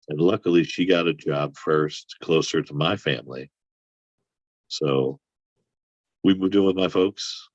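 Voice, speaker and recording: A man with a very deep voice tells a long, rambling personal story, swearing freely and getting worked up as he goes. The sound is dry and a little muffled. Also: takes it slowly, pauses often, dry recording. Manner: rambling, profane, animated when riled. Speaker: podcast guest. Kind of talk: casual storytelling.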